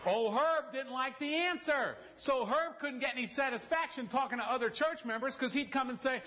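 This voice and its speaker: A man's voice: extremely high pitch, moderate pace, few pauses, bright, forceful tone. A man preaching a sermon in a church, telling stories with direct appeals to the congregation and humorous asides. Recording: dull lo-fi recording.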